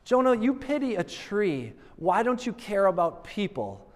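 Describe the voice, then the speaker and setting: A calm, patient god, as a preacher puts him on, asking quiet reproving questions. His voice is high and carries a long echo through a big hall. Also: unhurried. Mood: gently chiding. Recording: long reverb of a large hall.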